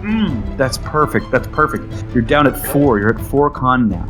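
A man's voice: medium pitch, lively intonation, unhurried, music in the background. A man narrating as the game master of a tabletop role-playing game, speaking casually with many fillers and building drama.

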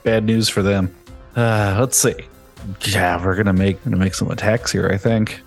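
A man's voice: on the low side, steady tone, normal speed, creaky, faint music behind. A man playing a tabletop game on a video call, easygoing and chuckling as he rolls. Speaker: player. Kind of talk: casual tabletop play.

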